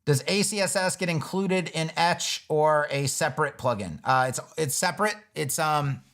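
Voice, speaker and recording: A man hosting a casual livestream Q&A, talking emphatically, swearing casually and acting out users in quick little voices. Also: on the high side, fairly bright tone. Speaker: web design educator and livestream host.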